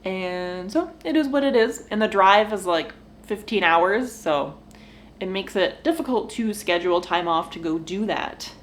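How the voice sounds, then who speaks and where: A woman's voice: mid-range voice, animated, unhurried, slight background noise. A young woman vlogger in casual, rambling chat to the camera from her kitchen floor at home, sighing now and then. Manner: rambling, sighing and laughing, talking to her dogs.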